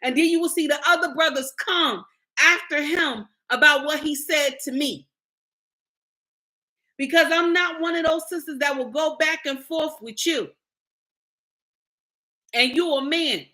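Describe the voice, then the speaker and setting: A woman's voice: sits high, a little slow, pauses often, pushed and bright. A middle-aged woman content creator, lecturing and scolding her viewers in a blunt, preachy commentary. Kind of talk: livestream commentary rant.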